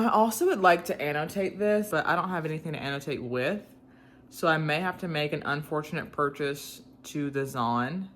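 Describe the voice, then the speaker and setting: A woman's voice: sits low, a bit bright, a little hiss or hum. A young woman with a Southern US accent, chatting casually to camera about books, chatty and joking with playful asides. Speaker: book vlogger.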